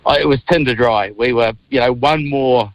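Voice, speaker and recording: A New Zealand man around fifty, a radio guest telling lively stories from a moving car. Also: mid-range voice, normal speed, no room sound, lo-fi sound. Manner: animated storyteller, acts out quotes. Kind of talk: casual radio interview.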